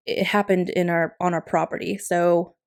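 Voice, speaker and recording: A woman's voice: fairly low pitch, level tone, moderate pace, vocal fry. A woman narrating a planner-decorating vlog in a chatty, casual voiceover, often laughing lightly. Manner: chatty, warm-hearted, with frequent laughs. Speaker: planner vlogger. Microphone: recorded voiceover.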